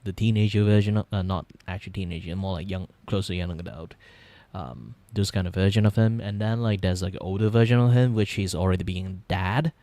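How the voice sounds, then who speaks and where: A young man with a Malaysian English accent talks in a fairly low voice, recorded close and dry with no room sound. He rambles through loose, casual stream chatter while he draws, swearing freely and breaking into laughter often. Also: fairly even intonation, a little fast, warm tone, no room sound. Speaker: vtuber streamer. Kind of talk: casual livestream chat while drawing.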